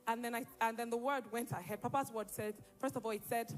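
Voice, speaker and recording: Woman giving a lively testimony. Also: fairly high pitch, fast talker. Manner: lively storytelling, acts out quoted dialogue. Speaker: church member giving testimony. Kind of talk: spoken testimony.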